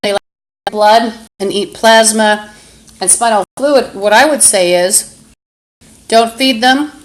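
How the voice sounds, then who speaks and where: Slow, halting woman on a phone stream. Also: a little high, poor audio. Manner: halting, with many fillers and trailing-off phrases; angry, insulting outbursts. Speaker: live-stream host. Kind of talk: rambling live-stream monologue. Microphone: phone camera.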